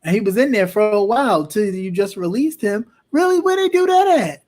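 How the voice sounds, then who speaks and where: A man's voice: sits high, animated, a little fast, darkish tone. A man hosting a political talk show, speaking with impassioned, emphatic repetition. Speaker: host.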